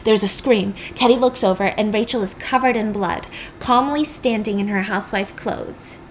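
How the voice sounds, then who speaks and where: A woman's voice: medium pitch, moderate pace, slight background noise. A young woman casually retelling a film's plot with chatty, wry, sarcastic asides. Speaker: storyteller. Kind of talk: casual film recap.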